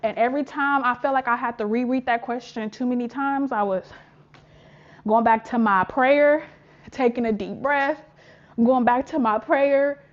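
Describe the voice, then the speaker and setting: A young woman chatting casually and warmly to camera in a vlog, expressive and heartfelt, full of "y'all", "child" and "honey". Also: fairly high pitch, normal speed, muffled recording. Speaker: vlogger.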